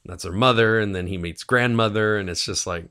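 A man's voice: lowish voice, a little fast, pushed and bright. A man co-hosting a casual podcast, animatedly retelling a TV episode and acting out the characters' lines. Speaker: podcast co-host. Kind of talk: casual chat.

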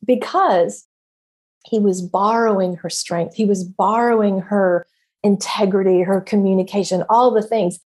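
A woman's voice: medium pitch, dark tone. A middle-aged woman and former therapist who hosts a show, talking candidly to listeners, emphatic, swearing freely and repeating words as she goes. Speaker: podcast host and former therapist. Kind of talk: candid casual monologue.

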